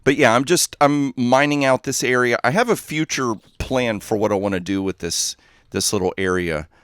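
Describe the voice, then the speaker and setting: A gaming livestreamer chats casually as he plays, rambling, getting easily sidetracked, and often laughing at his own jokes. His medium-pitched voice is clear, resonant, and fairly bright, moving at a moderate pace. The studio-quality recording has no echo.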